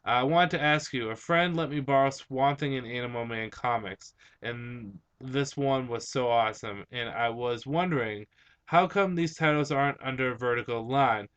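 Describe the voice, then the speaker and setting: A man's voice: mid-range voice, fairly bright tone, clean tone. A young man with a slight Spanish-influenced accent on some words, hosting a vlog and answering viewer questions in a rambling, hesitant way with many fillers. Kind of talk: casual chat.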